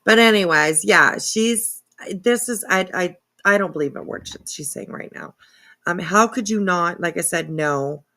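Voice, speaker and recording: A woman's voice: on the low side, a little slow, sharp tone. A woman hosting a commentary channel, reacting to clips in casual, profane, incredulous talk. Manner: incredulous, profane, talks to her cat and viewers.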